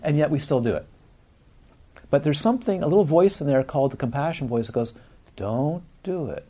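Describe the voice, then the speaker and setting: A man's voice: a little high, lively intonation, fast talker, dark tone. A man teaching a Buddhist dharma talk to a live audience, in a conversational way with frequent questions to the listeners.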